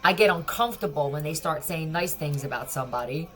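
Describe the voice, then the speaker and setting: A woman's voice: deep voice, animated, fast talker, a bit bright. A woman giving a casual tarot reading, blunt, profane and mocking. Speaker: tarot reader.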